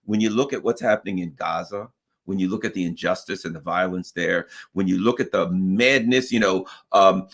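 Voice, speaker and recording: A man hosting casual political talk, emphatic and halting with fillers. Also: deep voice, fairly bright tone. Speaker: host.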